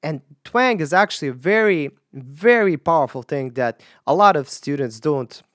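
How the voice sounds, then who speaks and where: A woman's voice: deep voice, lively intonation, normal speed, no room sound, studio quality. A woman vocal coach talking casually while she reacts to clips and tries the exercises, often thinking aloud and hedging her opinions. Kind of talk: casual commentary with sung demonstrations.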